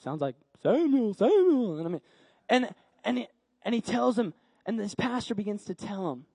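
A man preaching a sermon, telling a story in an animated way with repetitions and dramatic pauses. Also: high voice, vocal fry, slightly rough, no echo.

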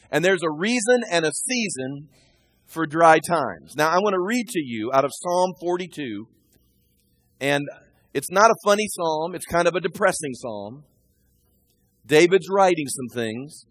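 A male pastor delivers a sermon, his fairly high voice dropping to near-murmurs and then surging into loud, fervent scripture reading. The sound is close and dry, with no room echo. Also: lively intonation, moderate pace. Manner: swings between hushed asides and loud emphatic scripture reading.

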